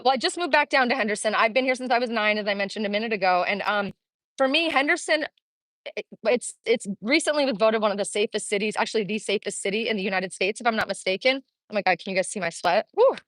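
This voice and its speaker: A woman in her forties from Kansas City, Missouri, a Las Vegas real estate vlogger, livestreams a walking vlog from a phone in her hand on an outdoor street in the summer heat. Out of breath, she chats and answers viewer comments as she goes. Her voice is mid-range and fairly bright, with no echo.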